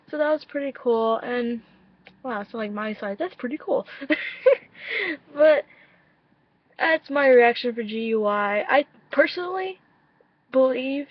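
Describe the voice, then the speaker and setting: Excitable young woman gushing, lo-fi webcam. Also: on the high side, measured pace, pauses often. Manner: gushing, swears freely, quotes herself, laughs often. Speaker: vlogger reacting to a music video. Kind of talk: casual excited reaction vlog. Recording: dull lo-fi webcam sound, dry.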